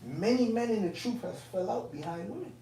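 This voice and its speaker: A man casually telling a personal testimony to fellow believers, animated and profane, with streetwise phrasing. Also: high-pitched, brisk. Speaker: elder speaking to fellow believers. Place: indoor camp meeting room. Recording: roomy, distant mic, faint room noise.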